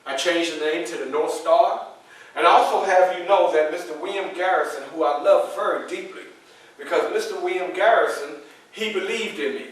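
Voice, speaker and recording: High-voiced guy doing a first-person history show, super echoey room, mic way off. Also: normal speed, recorded from a distance. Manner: lively storyteller addressing the audience. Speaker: historical reenactor. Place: public library event room.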